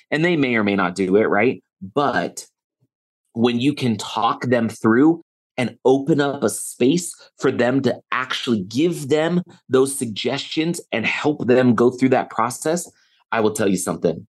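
A middle-aged man, a guest on a podcast, talking earnestly and telling stories with lively quoted dialogue. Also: mid-range voice, moderate pace. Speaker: podcast guest, author and speaker. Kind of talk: conversational interview.

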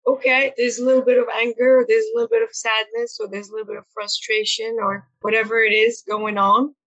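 A woman's voice: medium pitch, a bit bright, dull audio. A woman coach speaking as a podcast guest, talking in a reflective, earnest way with frequent fillers and repeated words. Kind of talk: conversational interview.

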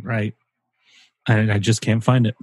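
A man's voice: fairly low pitch, flat delivery, a little slow, a little mellow, slightly rough, no room sound. A man co-hosting a casual podcast, rambling and joking with the odd swear word. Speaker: podcast co-host. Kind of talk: casual chat.

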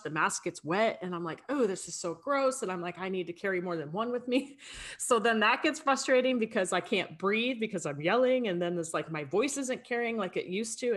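A woman coaching a high school girls' team, talking casually with frequent likes and little laughs. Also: fairly bright tone. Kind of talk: casual conversation.

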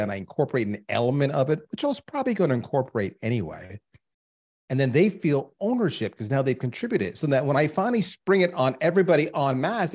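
A man in his fifties, a podcast guest telling stories emphatically and speaking straight to listeners. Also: medium pitch. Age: 50s. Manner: emphatic, animated storyteller who addresses listeners directly. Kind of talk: storytelling in a podcast interview.

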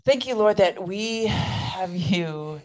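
A woman's voice: medium pitch, expressive, slow, a little mellow, low-quality recording. A woman co-hosting a faith podcast, chatting casually and praying aloud in a fervent, earnest way. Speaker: podcast co-host. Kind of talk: casual chat and spoken prayer.

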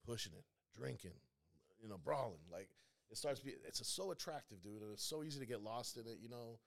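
A man's voice: mid-range voice, animated, brisk, creaky. A young man, a podcast guest, talking in a laid-back, casual way and swearing freely. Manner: laid-back, swears a lot, says dude often. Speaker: podcast guest, combat veteran. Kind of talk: casual chat.

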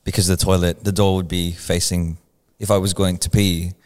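A man from the Philippines tells a funny childhood story on a podcast, his voice sitting low. He chats casually and laughs his way through. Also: normal speed. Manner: animated storyteller, laughs often. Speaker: podcast co-host.

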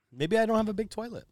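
A man's voice: high-pitched, darkish tone, no echo, clean studio sound. A young man co-hosting a podcast, rambling through crude stories and laughing often. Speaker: podcast co-host. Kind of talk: casual chat.

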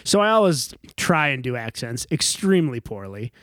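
A man's voice: medium pitch, sing-song, moderate pace, fairly bright tone, dry recording, clean studio sound. A man from the Chicago area chatting casually as a podcast co-host, rambling with many restarts and trailing off at the ends of phrases. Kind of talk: casual chat.

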